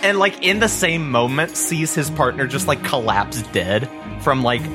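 A man's voice: medium pitch, unhurried, over music. A man running a tabletop game as game master, narrating casually with fillers and laughter.

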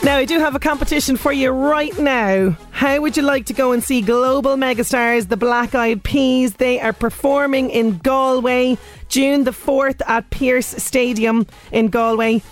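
A woman's voice: high voice, unhurried, soft background music. Chatty Irish woman radio presenter. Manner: chatty, laughs often. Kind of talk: casual radio chat.

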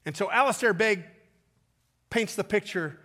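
High-voiced man preaching a sermon. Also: bright, forceful tone. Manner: preaching with dramatic pauses and rising emphasis; retells a story with quick asides. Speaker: pastor.

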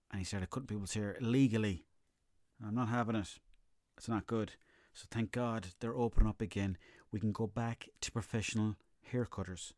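A man's voice: on the low side, darkish tone, dry recording, studio quality. A young Irish man hosting a comedy podcast, telling rambling, profane stories in a casual monologue. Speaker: podcast host.

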